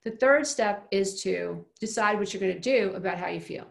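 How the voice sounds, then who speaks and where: Gravelly-voiced woman giving a self-help talk. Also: medium pitch, moderate pace. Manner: emphatic, repeats phrases, asks rhetorical questions. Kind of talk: motivational talk.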